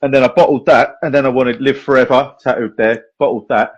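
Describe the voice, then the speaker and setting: A man's voice: mid-range voice, a little fast, lo-fi sound. A man hosting a podcast, telling stories casually, with a lot of swearing. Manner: chatty storyteller, lively, swears, acts out voices. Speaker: podcast host and magician. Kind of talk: casual chat.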